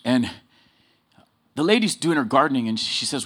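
A man preaching a sermon full of personal stories, swinging between loud emphasis and low asides. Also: animated, brisk. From Southern California.

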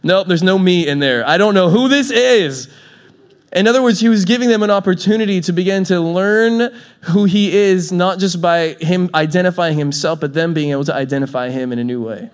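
A man's voice: high-pitched, a little fast. A man preaching a sermon in a church, telling stories with a playful manner and laughing often. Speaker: pastor.

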